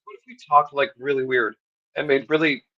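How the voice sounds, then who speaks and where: A man's voice: medium pitch, fairly even intonation, brisk, no room sound. Male livestream guest, rambling and giggly, muffled call audio. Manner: rambling, heavy use of "like", laughs mid-sentence. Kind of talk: casual livestream chat.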